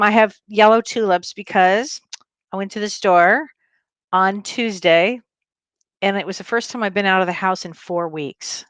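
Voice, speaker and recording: A woman's voice: medium pitch, no room sound. A woman hosting a casual livestream as a spiritual medium from home. She talks in a bubbly, effusive way and laughs often.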